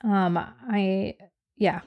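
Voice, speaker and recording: A woman in her thirties, co-hosting a podcast in casual chat, a little hoarse from a cold, telling stories with lots of fillers and laughs. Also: mid-range voice, steady tone, drawn-out words, phone-quality sound. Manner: chatty storytelling, laughing often, many fillers. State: a little hoarse from a cold, voice deeper than usual. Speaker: podcast co-host.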